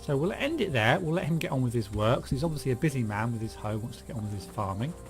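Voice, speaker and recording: Brief: male gaming host, laid-back chatty commentary, average pitch. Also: fast talker, faint music behind. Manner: relaxed and chatty, with frequent fillers. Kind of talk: casual gameplay commentary.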